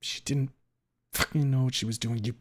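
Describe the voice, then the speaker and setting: A man voicing a confident, persistent female stegosaurus who speaks slowly and tensely in a storybook reading. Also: medium pitch, steady tone, lightly acted. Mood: pressing. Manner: slow, tense, probing.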